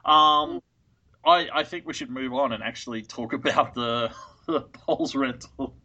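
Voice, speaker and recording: A man's voice: medium pitch, measured pace, dull audio. A man co-hosting a casual chat, sarcastic, swearing freely and ranting with energy. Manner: sarcastic, swears a lot, animated rants. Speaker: podcast co-host.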